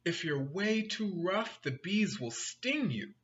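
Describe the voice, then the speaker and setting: A man voicing a helpful, calm male bear in a picture-book reading, giving patient advice. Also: high voice, slow pace, muffled recording, slight background noise, voice pushed up, heavily acted. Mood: advising.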